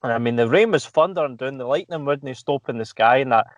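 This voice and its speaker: Scottish male guest, mid pitch, swears freely, laughs mid-story. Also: fast talker, no room sound. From Scotland. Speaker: podcast guest. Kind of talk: casual chat.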